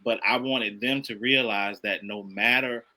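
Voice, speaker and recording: A middle-aged man with a very bright, forceful voice talks with earnest, sermon-like emphasis. He repeats his points and builds steadily from one to the next. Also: on the low side, fairly even intonation, measured pace, poor audio. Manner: earnest, preachy, emphatic repetition. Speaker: podcast guest, father. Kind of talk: casual conversation.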